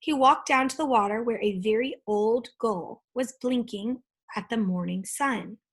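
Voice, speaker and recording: A woman reading a children's book aloud, with steady, expressive storytelling. Her voice is on the high side and noticeably breathy. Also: measured pace. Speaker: storybook reader.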